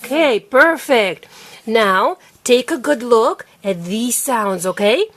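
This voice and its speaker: A woman teaching her young child to read at home, patient and coaxing, sounding out letters slowly and repeating them. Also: a little high, expressive. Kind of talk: home reading lesson.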